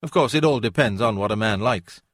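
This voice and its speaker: A man's voice: on the low side, fairly quick, fairly bright tone, no room sound, clean studio sound. A man voicing an older male academic who speaks bluntly and dismissively, in a storybook reading. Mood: gruff. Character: blunt older male don, gruff and disillusioned.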